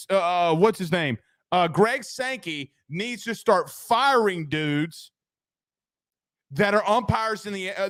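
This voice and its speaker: Ranting high-voiced sports talk host. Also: male voice, dry recording, clean studio sound. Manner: animated, ranting, reads chat comments. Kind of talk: casual postgame sports talk.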